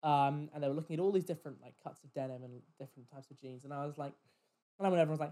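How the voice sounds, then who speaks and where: A man's voice: fairly high pitch, very fast. A man on a podcast telling a story about a rude customer in casual chat, swearing and acting out what people said. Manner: animated, swears, mimics customers in quoted voices. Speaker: podcast host. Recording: poor quality audio.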